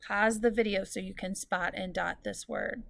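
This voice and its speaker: A woman teacher giving a recorded lesson to students, explaining clearly and patiently and drawing out example words. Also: mid-range voice, fairly even intonation, normal speed, fairly bright tone.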